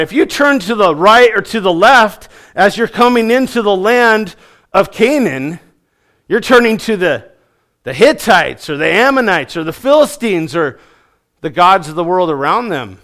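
A man with a high voice delivers a sermon. He pushes hard on key words, repeats phrases for weight and lets his voice sink at the close of each sentence. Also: sing-song, moderate pace, a bit bright. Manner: emphatic preaching, rising on key phrases and dropping low at line ends. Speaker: preacher.

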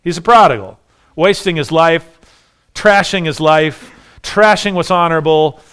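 A man's voice: a little high, a little slow, fairly bright tone, smooth. A man preaching a sermon, emphatic and full of rhetorical questions, often repeating his phrases. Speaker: pastor.

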